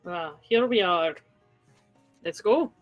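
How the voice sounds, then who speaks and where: A woman player in a tabletop game, talking politely and in a measured way as her character. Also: fairly low pitch, animated, highs cut off, soft background music. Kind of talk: tabletop role-play in character.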